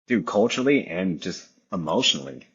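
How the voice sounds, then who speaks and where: A man's voice: low voice, very animated, a little fast, fairly bright tone, husky, dull audio. A young man telling stories in a laid-back casual chat, saying dude a lot and acting out voices. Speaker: podcast guest.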